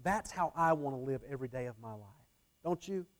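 A man's voice: mid-range voice, lively intonation, fairly quick. A man preaching a sermon earnestly, often repeating his phrases and shifting his emphasis. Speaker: pastor.

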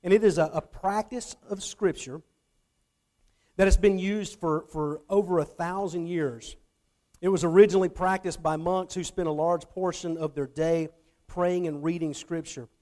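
Man, middle-aged, high-pitched, conversational Bible teacher, checks in with listeners, repeats words. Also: fairly even intonation, normal speed, mellow. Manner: checks in often with the audience, repeats words on restarts.

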